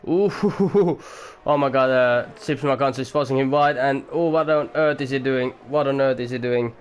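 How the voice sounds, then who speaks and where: A man doing amateur commentary on a sim race at home, excitable at times, swearing now and then, and keeping his voice down for the neighbours. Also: mid-range voice, brisk, slight background noise. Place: home room.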